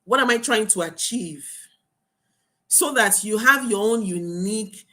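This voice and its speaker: A young adult woman teaching a marketing webinar as a coach, talking in an animated, emphatic way. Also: mid-range voice, unhurried. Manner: animated, emphatic, laughs and acts out students' voices.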